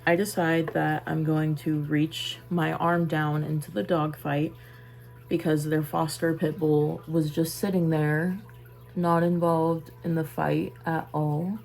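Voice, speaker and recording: A young woman telling a personal story in a casual vlog, halting and trailing off into soft asides while busy with a task. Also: deep voice, level tone, vocal fry, poor audio. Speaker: vlogger.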